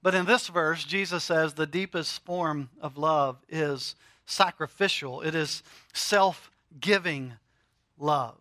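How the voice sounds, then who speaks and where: Bright-voiced man preaching emphatically. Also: on the high side, no room sound, clean studio sound. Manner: emphatic preaching with dramatic pauses and swells. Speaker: pastor. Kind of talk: sermon.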